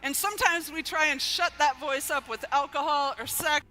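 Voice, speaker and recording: A woman with a very bright, high voice delivers an earnest inspirational speech. She speaks in a measured, heartfelt way and leans gently on key words. Faint noise sits behind her. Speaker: speaker giving an inspirational talk.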